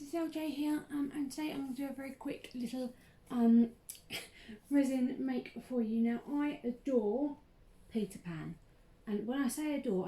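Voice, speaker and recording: A bubbly, chatty young woman hosts a casual crafting tutorial vlog, her high-pitched voice carrying a dark tone. She laughs a lot and says "um" often.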